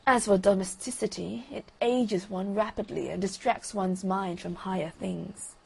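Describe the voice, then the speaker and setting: A woman voicing a vain, haughty male firework rocket in a bedtime story reading, pompous and loudly declaiming. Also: mid-range voice, steady tone, a little slow, vocal fry, breathy edge, heavily acted. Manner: pompous, self-admiring, loud declaiming.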